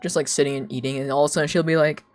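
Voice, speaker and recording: A woman's voice: low-pitched, steady tone, racing, darkish tone, faint music behind. A young woman streamer chatting casually and rambling through stories, laughing often and leaning heavily on filler words. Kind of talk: casual chat on a live stream.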